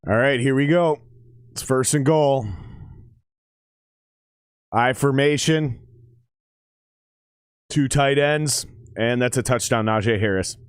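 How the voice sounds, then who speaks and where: A man's voice: medium pitch, slow, pauses often, clean tone, dry recording, clean studio sound. A man chatting casually on a livestream, rambling and swearing with lots of fillers as he comments on a game. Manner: rambling, profane, with many fillers.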